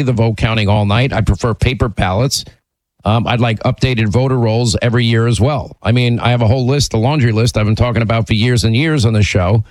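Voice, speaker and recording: A man's voice: medium pitch, darkish tone, no echo, poor audio. Blunt male radio talk host. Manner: blunt, emphatic, with restarts.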